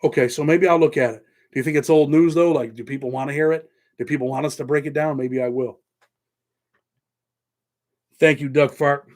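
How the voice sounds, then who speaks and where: A man's voice: a little high, fairly even intonation, a little fast, pauses often, a little mellow. A middle-aged man from New York with a Southern-tinged American accent, hosting a casual livestream and chatting loosely with viewers, thanking them by name. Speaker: host.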